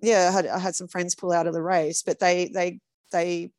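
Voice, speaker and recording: A woman, an ultra runner, telling candid stories in a casual interview with halting restarts. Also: fairly low pitch, flat delivery, darkish tone, no echo.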